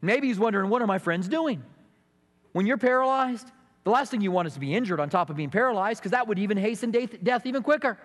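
A man's voice: sits high, animated, fast talker. Preaching man in a reverberant hall. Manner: storytelling with mimicked voices and emphatic bursts. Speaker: pastor. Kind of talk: sermon.

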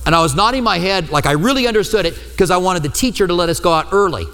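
A male pastor preaching a sermon, telling the story lively and acting out the quoted lines with humor. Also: sits high, quick pace, big-room sound.

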